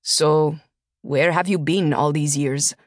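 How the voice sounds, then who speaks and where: A woman reading an audiobook and voicing a tense, blunt male driver who speaks slowly and heavily. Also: low-pitched, fairly even intonation, dry recording, studio quality. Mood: guarded, blunt. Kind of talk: audiobook character voice.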